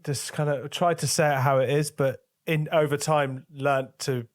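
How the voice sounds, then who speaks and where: A man's voice: on the high side, steady tone, moderate pace, no room sound, clean studio sound. Candid man with a crude streak. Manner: candid and crude, laughs often. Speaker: guest, video director and producer. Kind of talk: casual podcast chat.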